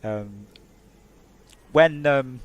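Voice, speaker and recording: A man's voice: mid-range voice, extremely slow. A man from Hertfordshire, England, a game developer chatting casually on a live stream in a rambling, self-mocking way.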